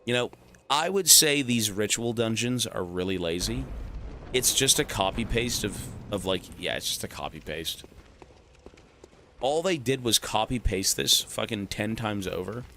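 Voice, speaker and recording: A man's voice: lowish voice, animated, unhurried, sharp tone, a little hiss or hum. A man streaming a video game, chatting casually and joking with viewers, often swearing and rambling. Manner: joking, profane, rambling to chat. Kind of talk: casual gaming stream commentary.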